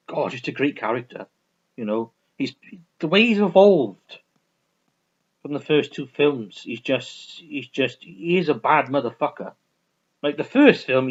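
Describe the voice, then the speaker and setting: A man talks through his favourite films in a loose, rambling way, restarting often and swearing now and then. His pitch moves a lot, rising and falling with his enthusiasm. The recording sounds dull and lo-fi. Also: fairly bright tone. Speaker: film reviewer. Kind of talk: casual film review vlog.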